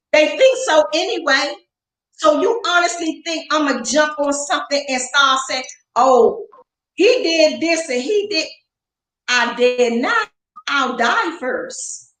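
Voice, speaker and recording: High-pitched woman going off, cussing and hammering every point, echoey room. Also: a bit bright. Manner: fiery, profane, emphatic, confrontational. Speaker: interview guest. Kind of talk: heated interview rant. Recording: roomy echo.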